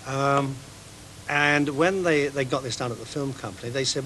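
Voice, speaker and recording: A man's voice: medium pitch, moderate pace, fairly bright tone, a little hiss or hum, rough recording. A man who writes jingles, telling anecdotes in an interview and acting out the conversations he had. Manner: storytelling, acts out dialogue and sings snippets. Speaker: jingle composer.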